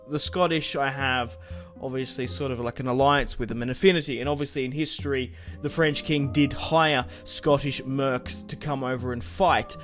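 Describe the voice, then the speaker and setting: A man's voice: mid-range voice, fairly bright tone. Chatty young man gaming. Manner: chatty and rambling, swears casually, laughs at himself. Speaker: gaming YouTuber. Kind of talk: casual gameplay commentary.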